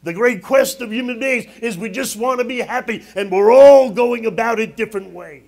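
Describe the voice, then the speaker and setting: High-voiced man preaching a sermon. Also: moderate pace, a little mellow. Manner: preaching with rising emphasis and asides. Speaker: pastor.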